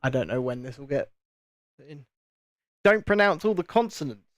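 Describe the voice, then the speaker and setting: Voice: mid-range voice, animated, moderate pace, no room sound, studio quality. A speaker with a Southern English home counties accent, hosting a live stream and chatting casually while building, often repeating words. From England, home counties. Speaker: livestream host.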